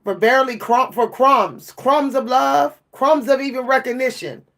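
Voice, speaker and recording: A woman's voice: sits high, normal speed, a bit bright. A worn-out woman venting to her camera in an emotional monologue, repeating and stumbling over her words. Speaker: vlogger.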